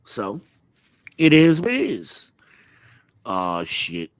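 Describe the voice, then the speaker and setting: A man's voice: low-pitched, animated, slow pace, a bit bright, dry recording. Blunt, profane man hosting a live talk show. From Charlotte, United States. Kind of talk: casual opinionated chat.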